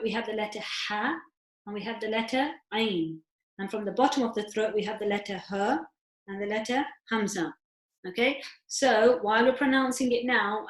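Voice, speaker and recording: A woman's voice: on the high side, roomy sound. A woman teaching a recitation class over a video call, patiently explaining and demonstrating sounds step by step.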